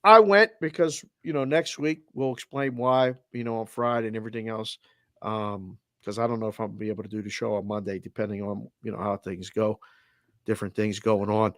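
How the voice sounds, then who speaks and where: A man with a Boston accent co-hosting a casual sports show, telling an animated story over a video call and acting out both sides of the conversation. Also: on the low side, fairly quick, no room sound, studio quality. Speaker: co-host of a sports betting show. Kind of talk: casual chat.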